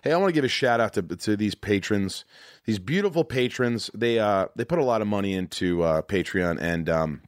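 Low-voiced guy hosting his podcast, swears a lot, circles back on himself, dead dry studio sound. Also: lively intonation, moderate pace, dry recording. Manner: earnest, profane, rambling with many restarts. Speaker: podcast host. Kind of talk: casual chat.

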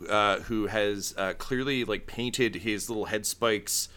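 A man's voice: fairly low pitch, slow, sharp tone. A man running a tabletop game as game master, laid-back and full of fillers.

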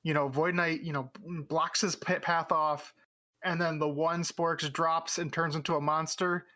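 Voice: medium pitch, little pitch movement, a little slow, sharp tone. A podcast co-host casually recapping a show in easygoing, chatty talk. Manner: easygoing and chatty, with frequent fillers like "like".

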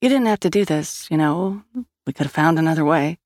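A woman's voice: low voice, a little fast, darkish tone, dry recording, clean studio sound, close to an everyday voice. A woman reading an earnest, worried friend. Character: worried, loyal young woman, blunt.

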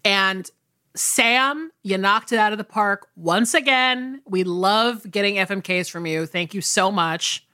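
A woman's voice: mid-range voice, measured pace, bright, forceful tone, clean tone. A woman co-hosting a podcast, chatting casually with dry, teasing humor. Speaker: podcast co-host. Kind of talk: casual comedic chat.

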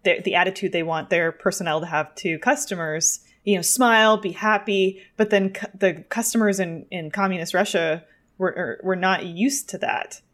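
Woman chatting with animated storytelling. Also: fairly low pitch, normal speed. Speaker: podcast co-host. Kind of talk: casual chat.

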